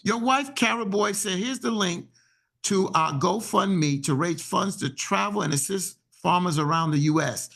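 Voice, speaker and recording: A man's voice: high voice, moderate pace, gravelly, a bit bright. A man hosting a talk radio discussion, speaking bluntly and with fiery indignation. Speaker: radio host.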